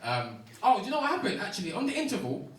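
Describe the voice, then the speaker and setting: A young man doing a stand-up set, animated and full of slang and swearing. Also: sits high, racing, far from the mic, slight background noise. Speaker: stand-up comedian. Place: comedy club stage with a laughing audience. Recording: roomy club sound, audience roar.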